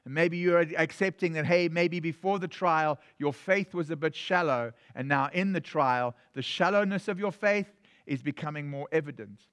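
A pastor from South Africa with a South African accent preaches in a relaxed, conversational way. His voice sits high for a man, and he often trips over and restarts his sentences as he works through a point. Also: normal speed, clean tone. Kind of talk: sermon.

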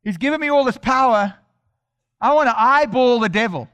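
A man's voice: very high voice, lively intonation, normal speed, fairly bright tone, clean tone. A man preaching a sermon in a church, emphatic and repetitive, building his points line by line.

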